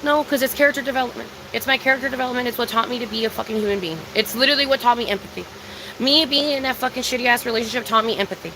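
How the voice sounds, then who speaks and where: A woman's voice: fairly high pitch, very fast, noisy background. A young woman talking to her live-stream viewers in a casual, confessional way, emphatic and full of swearing and repetition. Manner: confessional and emphatic, heavy swearing, repeats herself. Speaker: livestreamer.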